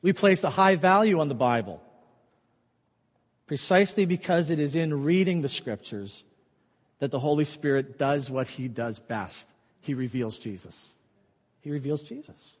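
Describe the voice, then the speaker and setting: A man's voice: fairly high pitch, animated, moderate pace. Man preaching in a reverberant hall. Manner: emphatic, repeats key phrases softly. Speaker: pastor. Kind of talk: sermon.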